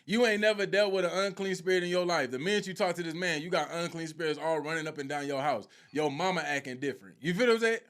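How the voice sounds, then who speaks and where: Animated man retelling a show. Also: a little high, fast, few pauses. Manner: lively storytelling with quoted voices. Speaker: faith teacher. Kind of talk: animated live teaching.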